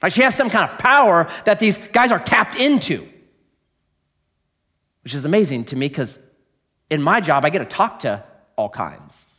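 A man with a fairly high voice preaching to his congregation. He tells stories casually, jumping between lively, quick bursts and quiet, dropped-down asides. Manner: conversational storytelling, swings from animated to hushed. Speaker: pastor. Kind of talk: sermon.

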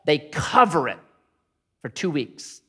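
A man preaching with a high, lively voice that jumps between loud, excited bursts and near-whispered lines. His words ring out with a long reverb, as in a large hall. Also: slow pace, breathy edge. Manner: animated storytelling, swings from loud to hushed. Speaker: pastor. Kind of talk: sermon.

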